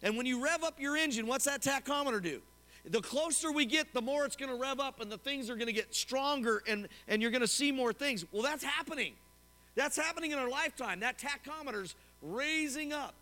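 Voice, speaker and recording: A man preaching a sermon as pastor to his congregation, animated and often asking them questions. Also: very high-pitched, fairly quick. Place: church sanctuary. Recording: long hall reverb.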